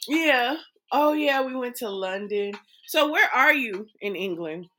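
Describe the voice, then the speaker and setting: An American woman co-hosting from home on the East Coast answers a chat casually, rambling and laughing easily. Her voice is on the high side, expressive and fairly bright, and she speaks a little slowly.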